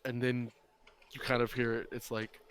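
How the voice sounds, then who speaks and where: A man's voice: medium pitch, completely flat delivery, normal speed, fairly bright tone, clear, resonant tone. Young man game master, casual rambling. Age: young adult. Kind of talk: narrating a tabletop game.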